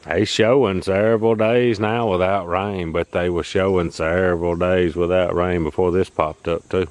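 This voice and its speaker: A man's voice: low voice, steady tone, normal speed. A man, talking casually to camera about his farm work in a plain-spoken, folksy way. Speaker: farmer vlogger. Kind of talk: casual vlog talk to camera. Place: in a truck on rural roads. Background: car and engine noise.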